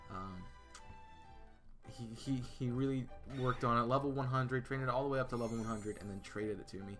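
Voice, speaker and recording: Man, game streamer, casual live chat, bright tone, rambling with fillers, faint background music. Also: mid-range voice, a little fast. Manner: chatty, answers chat, many fillers and restarts.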